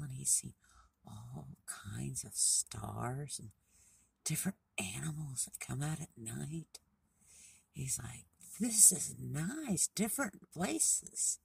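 Slow, husky storyteller. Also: mid-range voice, darkish tone, distant mic. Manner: slow, homespun, with many dialogue tags. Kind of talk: casual oral storytelling.

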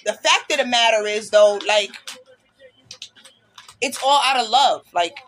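A woman's voice: fairly high pitch, measured pace, fairly bright tone, slight background noise. Blunt, profane woman ranting passionately. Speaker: podcast host. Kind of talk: casual podcast chat.

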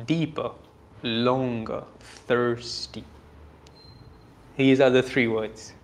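A man gives a reflective spiritual teaching on scripture, earnest and self-deprecating, often chuckling softly. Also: medium pitch, steady tone, extremely slow, slight background noise. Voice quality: earnest and self-deprecating, with frequent soft laughs.

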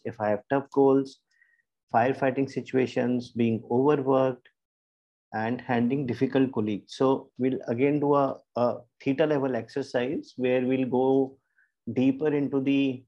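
A man coaching a group through a guided meditation, giving slow, soothing, repetitive relaxation cues over an online call. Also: medium pitch, warm tone, lo-fi sound. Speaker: life coach leading a guided relaxation session.

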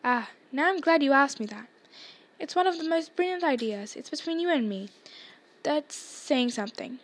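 A woman reading aloud, voicing a gentle, wry old wizard headmaster in a storybook chapter. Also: high-pitched, lively intonation, normal speed. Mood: amused.

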